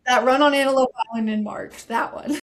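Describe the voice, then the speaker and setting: A woman's voice: high-pitched, steady tone, a little fast. A woman guest on a podcast, recounting her first ultramarathon in a reflective, self-deprecating way. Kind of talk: casual interview chat.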